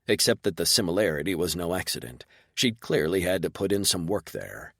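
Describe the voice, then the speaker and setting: Low-voiced man narrating an audiobook. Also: big pitch swings, fairly quick, vocal fry, a bit bright, no echo, clean studio sound. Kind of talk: scripted first-person narration.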